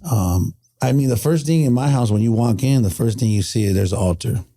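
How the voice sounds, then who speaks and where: A middle-aged man appears as a podcast guest, sharing reflective stories in casual conversation with an earnest, heartfelt manner, often stopping and starting over. His voice is mid-range with a dark tone, and he speaks fairly quickly.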